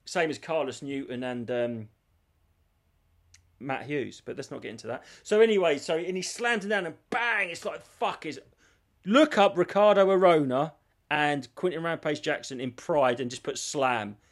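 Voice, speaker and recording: A man co-hosting a podcast, telling stories in an animated casual chat and swearing freely. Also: on the high side, moderate pace. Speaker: podcast co-host.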